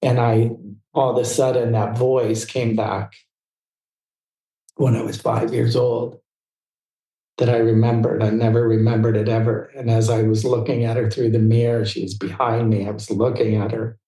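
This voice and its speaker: A man recounts his past in a casual interview, words tumbling out with quick restarts. His voice is mellow and level in pitch. The recording carries a roomy echo. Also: flat delivery. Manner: fast, tumbling anecdotes with restarts. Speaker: guest.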